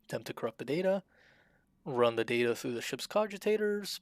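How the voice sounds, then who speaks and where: A man casually commenting while streaming a video game, talking in a fairly monotone way and reading the game's options aloud. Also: a little high, fairly quick, pauses often, no echo. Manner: self-described monotone, dry delivery.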